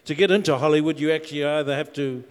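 A man from New Zealand with a slightly high voice tells stories about his work at an easy pace, full of ums and uhs. His voice carries a long hall reverb from the venue. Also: fast, clear, resonant tone. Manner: relaxed storyteller, self-deprecating, lots of uh and um. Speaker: actor. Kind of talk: panel Q&A answers.

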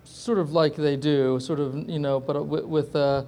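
Hesitant male actor, slightly high voice. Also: steady tone, unhurried, mellow. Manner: hesitant, rambling, full of hedging fillers. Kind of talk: interview answers.

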